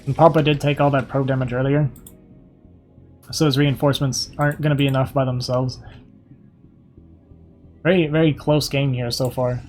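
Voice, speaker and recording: A young man giving casual, quick play-by-play commentary on a strategy game match, a little hoarse and thinking aloud as he goes. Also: medium pitch, level tone, darkish tone, soft background music. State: slightly hoarse, losing his voice. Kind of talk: live esports play-by-play commentary.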